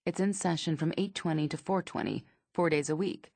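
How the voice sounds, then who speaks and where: A woman in her thirties narrating her memoir in a dry, observational manner, with a husky, gravelly voice. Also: sits low, a little fast, darkish tone, no echo. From United States.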